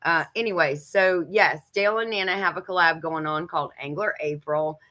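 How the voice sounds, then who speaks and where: A woman's voice: low-pitched, moderate pace, sharp tone. A woman co-hosting a homestead livestream in casual chat, laughing often as she talks. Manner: giggly, laughs often while talking.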